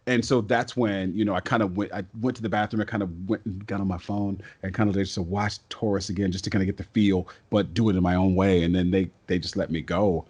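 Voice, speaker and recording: A man, a stage and voice actor, telling stories as a podcast guest in an excitable, talkative way. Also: low voice, slightly rough. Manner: talkative and excitable, quick bursts and restarts. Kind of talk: casual podcast interview storytelling.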